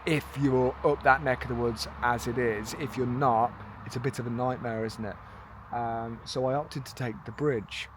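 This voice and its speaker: A British man chats his way through a travel vlog outdoors, rambling from point to point and poking fun at himself. His voice sits at an ordinary middle pitch, with a faint hum of noise behind him. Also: steady tone, moderate pace. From United Kingdom. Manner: rambling, chatty, self-mocking. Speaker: travel vlogger. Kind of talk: casual travel vlog chat. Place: outdoors in a park.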